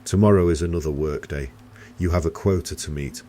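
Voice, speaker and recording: A man voicing a cold, unflappable office boss who speaks in a flat, measured and unnervingly calm way. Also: extremely low pitch, slight background noise.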